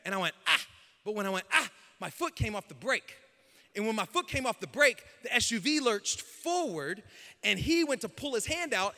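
A male pastor telling a story in a sermon, animated, dropping to a hush and then rising loud. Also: high-pitched. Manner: animated, swings between hushed and loud. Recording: long hall reverb.

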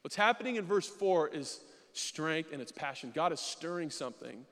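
A man's voice: on the high side, expressive, moderate pace, a bit bright. A young man preaching a sermon in a church, casual and joking, acting out his own inner voices as he talks. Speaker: pastor. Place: church sanctuary. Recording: long reverb of a large hall.

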